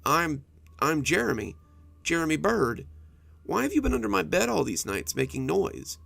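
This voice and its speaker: A man's voice: fairly high pitch, very animated, moderate pace, vocal fry, a bit bright, dry recording, voice pushed up, exaggerated voice. A man voicing a young boy lying in bed at night, who talks in a hesitant, stammering way.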